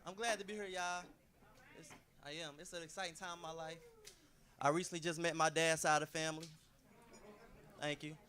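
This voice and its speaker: A man's voice: fairly high pitch, little pitch movement, fairly quick, long pauses, sharp tone. A man doing a laid-back, self-deprecating stand-up comedy set in a club.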